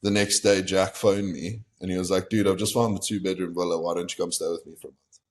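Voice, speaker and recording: A young man from South Africa, guesting on a podcast, speaks fast with fairly even intonation in a very low voice. He shares a long personal story casually and candidly, quoting the people he met in their own voices.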